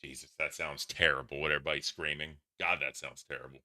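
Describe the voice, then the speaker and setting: A man's voice: very deep voice, fairly even intonation, fast talker, heavy background noise. A man reacting to clips for his stream chat in casual, profane commentary. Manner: profane, laughing, talks to chat.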